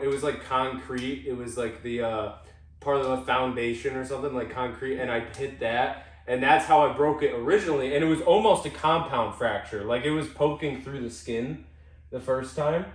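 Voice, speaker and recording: A young man telling a story in casual chat, rambling and cutting himself off, swearing freely. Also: medium pitch. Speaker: podcast co-host. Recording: roomy sound from a distant mic.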